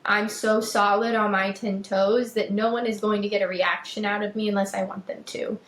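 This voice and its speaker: A woman's voice: medium pitch, little pitch movement, normal speed, a bit bright, echoey room, rough recording. A young adult woman hosting a podcast, talking emphatically about self-worth, repeating phrases and speaking straight to her listeners. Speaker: podcast host. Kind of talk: personal monologue on self-worth.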